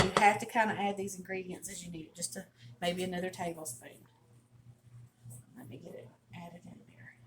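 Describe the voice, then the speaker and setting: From her kitchen, a middle-aged woman with a lowish voice and a Southern US accent runs a casual home cooking demo for her cooking channel, chatting in a folksy, storytelling manner. There's slight background noise.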